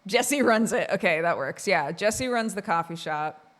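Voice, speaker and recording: A woman's voice: mid-range voice, expressive, moderate pace, a bit bright. Chatty, rambling woman streamer. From Oregon. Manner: chatty, rambling, laughs often, lots of fillers. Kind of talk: casual chat with chat.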